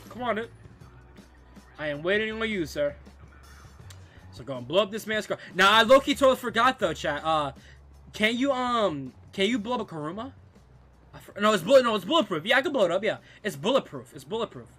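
A young man streaming a game live, taunting rivals and hyping his chat. His voice sits high and swings widely, with a bright, forceful tone. Faint game music plays underneath. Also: a little fast, pauses often. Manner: excitable trash talk, constant "bro" and "dude". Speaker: gaming streamer. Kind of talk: live gameplay commentary.

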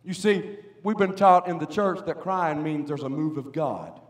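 Pastor, male, high voice, sermon with loud swells. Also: normal speed. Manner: preaching with rising, shouted emphasis. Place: church sanctuary.

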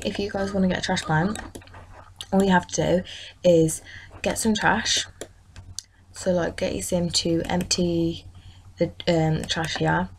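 A woman with a fairly low voice chats her way through a casual let's-play. She talks straight to the characters on screen and scolds them when they misbehave. A faint hiss of background noise sits under her voice. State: tired, yawning. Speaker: gaming channel host.

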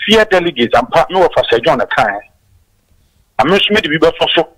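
A man's voice: on the high side, very animated, a little fast, a bit bright, low-quality recording. A man with a Ghanaian accent calling in by phone to a political talk show, speaking emphatically and mixing in blessings. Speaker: caller. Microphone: phone line.

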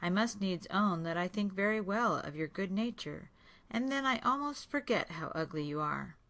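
A woman voicing a kind, timid young heroine in a storybook read-aloud, soft and careful. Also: mid-range voice, expressive, moderate pace.

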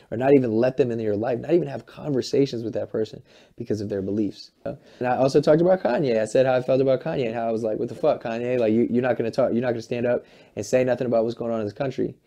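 A man in his late twenties, a musician being interviewed, talking in an animated, rambling, profane way and acting out what other people say. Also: on the low side, creaky. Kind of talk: candid interview talk.

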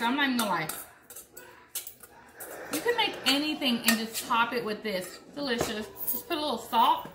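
A woman's voice: on the high side, roomy sound, background noise. Chatty young woman from Puerto Rico, cooking. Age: young adult. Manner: chatty, joking, talks to viewers while chopping. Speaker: cooking vlogger. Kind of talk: casual cooking demo. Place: home kitchen.

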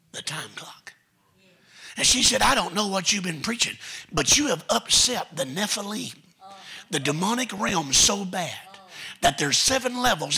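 A man preaching a sermon in a church, telling stories with folksy asides and building to shouted commands. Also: high-pitched, creaky, breathy edge. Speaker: guest preacher. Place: church sanctuary.

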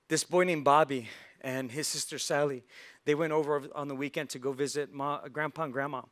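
A man's voice: on the high side, fairly bright tone. A male pastor giving a sermon in a church, telling a story and acting out its characters' lines. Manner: storytelling with acted-out voices.

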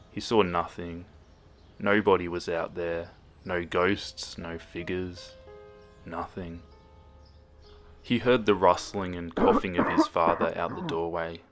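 Male narrator for a horror story, very low and unhurried, hushed delivery over a clear music bed. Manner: slow, hushed, dropping to near whispers.

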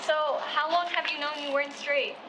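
A woman's voice: high-pitched, steady tone, a little fast, very noisy, close to an everyday voice. A young actress playing an outspoken, self-assured lesbian sophomore girl who teases bluntly. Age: teens.

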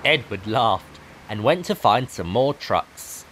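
A man narrating a children's storybook in an expressive, animated reading. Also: lowish voice, slow pace, a little hiss or hum.

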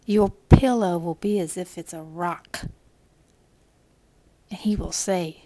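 A woman's voice: fairly low pitch, takes it slowly, long pauses, mellow, no room sound. A woman telling a devotional story in an intimate, often whispered way.

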